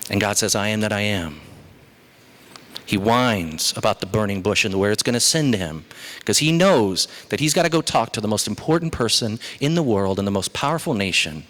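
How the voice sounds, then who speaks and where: A male pastor delivering a sermon, moving between slow, weighty lines and quick, chatty asides. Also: lowish voice. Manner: animated, shifts between slow emphatic phrases and quick asides.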